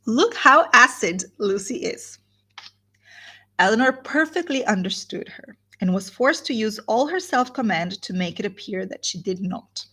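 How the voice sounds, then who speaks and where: A woman's voice: mid-range voice, lively intonation, normal speed, hardly any pauses, a bit bright. A woman teaching literature, reading a novel aloud and stopping for explanatory asides. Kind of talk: live guided reading with commentary.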